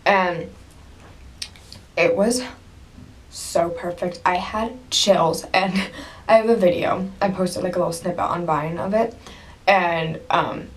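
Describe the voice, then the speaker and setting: A woman's voice: lowish voice, steady tone, takes it slowly, pauses often. A young woman vlogging to camera at home, gushing and breathless as she tells a story, with bursts of laughter and sudden drops to a whisper. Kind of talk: casual excited storytelling to camera.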